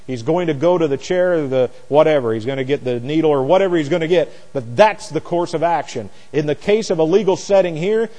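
A man's voice: fairly high pitch, brisk, few pauses, dark tone. A man teaching scripture verse by verse in an emphatic, repetitive way, often restarting his words as he presses a point. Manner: emphatic, repeats words, self-corrects. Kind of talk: expository Bible teaching. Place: classroom or church with a board. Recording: long hall reverb.

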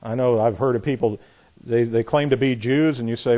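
A man preaching a sermon in a folksy, sarcastic way, acting out imagined voices in quotes and getting louder on his punchlines. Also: medium pitch, fairly even intonation, fairly quick.

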